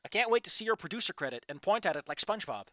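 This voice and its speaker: A man reading fan fiction aloud and breaking off into excitable, jokey asides and rants. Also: sits high, rapid-fire, no echo, clean studio sound. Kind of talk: casual live commentary.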